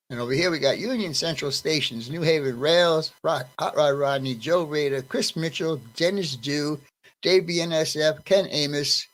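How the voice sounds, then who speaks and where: A man hosting a laid-back live stream greets his chat viewers by name one at a time in a friendly tone. His slightly high, fairly bright voice keeps a measured pace, and the recording is low quality.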